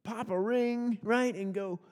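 A man preaching in a relaxed, folksy way, telling stories with lots of restarts and repeated words. His voice sits a little high for a man. It rings out with the long reverb of a church hall. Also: slow pace. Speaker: pastor. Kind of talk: conversational sermon with personal stories.

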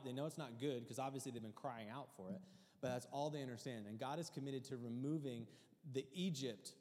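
A male pastor delivers a sermon with earnest, emotional conviction. He drops to a near-hush, then climbs high and loud. His voice sits at a middle pitch and rings in a hall with a long reverb.

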